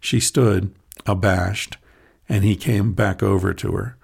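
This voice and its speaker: A man with a deep, very gravelly voice reads a short story aloud. His tone is husky and a little breathy, and he keeps a soft, measured storytelling pace. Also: steady tone. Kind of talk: audiobook narration of a short story.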